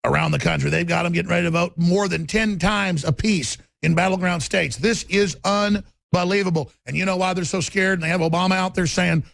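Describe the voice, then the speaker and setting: Brief: male talk host, forceful nonstop rant, high gravelly voice. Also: fairly even intonation, no echo. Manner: forceful, rapid, stammering restarts. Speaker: radio talk show host. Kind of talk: ranting political talk.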